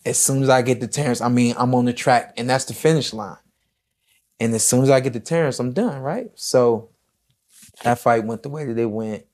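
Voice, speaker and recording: A retired boxer talking casually in an interview, reflective and unhurried, often quoting himself and others as he tells his story. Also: mid-range voice, darkish tone.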